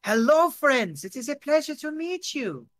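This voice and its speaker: A game master voicing a clumsy, overeager man in a loud disco suit who stammers, speaks very formally and slips in German and French words. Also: mid-range voice, steady tone, brisk, no room sound, close to an everyday voice. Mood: eager. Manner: stammering, overly formal and polite.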